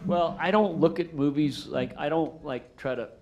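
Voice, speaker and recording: Rambling, animated middle-aged male director. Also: on the high side, moderate pace, muffled recording. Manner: rambling, animated, lots of fillers and restarts. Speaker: film director answering audience questions. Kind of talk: casual storytelling Q&A. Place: theater after a screening.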